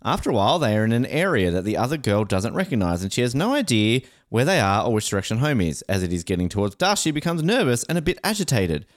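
A male podcast co-host chatting casually with friends. His pitch rises and falls a lot, and he slips easily into playful joking. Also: sing-song, fast, few pauses. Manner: jokey, puts on silly high voices. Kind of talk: casual chat.

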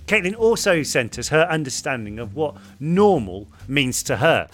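A man co-hosting a podcast, chatting in a friendly, animated way and thanking listeners. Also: a little high. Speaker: podcast co-host. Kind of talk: casual chat.

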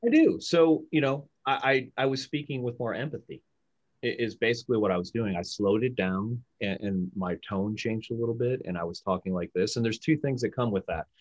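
A man explaining communication techniques in an emphatic, animated coaching manner. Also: mid-range voice, a little fast, no echo, dull audio. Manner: emphatic, animated, acts out example lines. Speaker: sales communication guest expert.

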